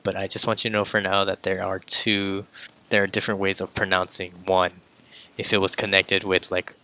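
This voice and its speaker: Low, flat-voiced man teaching casually. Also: smooth. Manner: relaxed, filler-heavy, addresses viewers as guys. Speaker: language teacher. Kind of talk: casual explanatory lesson.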